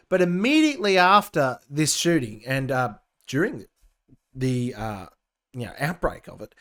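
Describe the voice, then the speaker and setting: A man's voice: fairly high pitch, a bit bright. A young Australian man hosting a casual opinion podcast, ranting and sarcastic as he reads the news and cuts in with his own comments. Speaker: podcast host.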